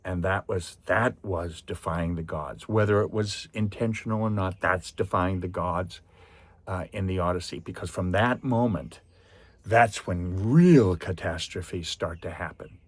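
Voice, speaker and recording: Deep husky guy rambling through a movie review, lots of tangents. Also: unhurried, no echo. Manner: chatty, digressive, animated retelling. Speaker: vlogger reviewing a film. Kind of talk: casual spoken review.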